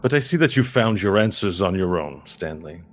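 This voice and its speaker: A man's voice: low-pitched, animated, normal speed, slight background noise, voice pushed down. A man playing a solemn old wizard leader.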